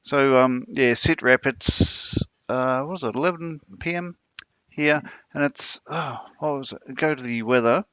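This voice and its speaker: A man's voice: medium pitch, a little slow, bright, forceful tone, clean tone, no echo. A man chatting on a live stream, rambling and hesitant with many ums. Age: older. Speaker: co-host. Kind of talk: casual live-stream chat.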